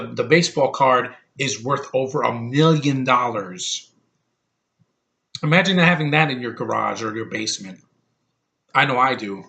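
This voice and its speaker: This rambling, offhand movie review comes from a man whose medium-pitched voice is gravelly, pushed, and bright. Opinionated and blunt, he curses liberally and stumbles along, halting often with fillers and restarts.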